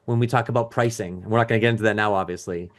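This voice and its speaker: A man's voice: on the low side, steady tone, racing. A middle-aged man teaching a live webinar as a business coach, talking casually with restarts and asides and reading out audience chat comments.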